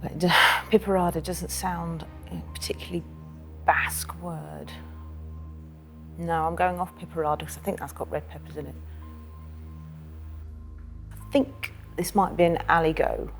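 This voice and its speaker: A woman quiz contestant, reasoning her answers out loud in a TV studio. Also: fairly low pitch, steady tone, moderate pace, faint music behind. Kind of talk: thinking aloud on a quiz.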